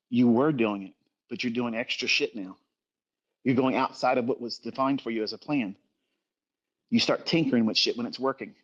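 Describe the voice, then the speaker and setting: A man's voice: medium pitch, moderate pace, long pauses, dull audio. A middle-aged man giving a profane, scolding lecture as a trading educator in a livestream rant.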